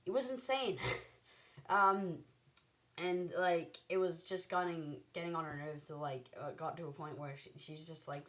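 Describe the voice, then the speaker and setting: A teenage girl chats to the camera, drifting from story to story with lots of ums and likes. She giggles easily. Her voice sits a little lower than most girls'. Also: measured pace, a bit bright. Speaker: vlogger.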